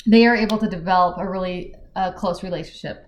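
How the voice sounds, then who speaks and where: Animated woman retelling a story, echoey room. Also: on the low side, fast, slight background noise. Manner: animated, acts out dialogue while retelling the plot. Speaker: book podcast co-host. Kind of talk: casual book discussion.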